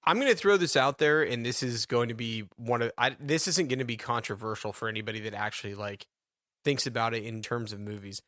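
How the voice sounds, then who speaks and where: A man co-hosts a movie review podcast, spinning rambling made-up stories in casual chat with animated delivery and laughter. His mid-range voice is brisk, and the clean studio sound has no echo.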